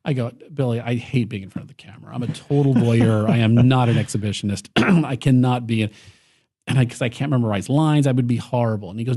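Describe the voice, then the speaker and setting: A man's voice: mid-range voice, steady tone, fast talker, mellow. A middle-aged man chatting casually as a podcast guest, rambling with many fillers and easy laughs. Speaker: guest filmmaker.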